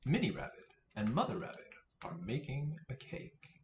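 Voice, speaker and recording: A man hosting a children's storytime, reading picture books aloud in an animated, playful way. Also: mid-range voice, normal speed, a little hiss or hum. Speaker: children's librarian, storytime host. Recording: roomy, slightly dull sound.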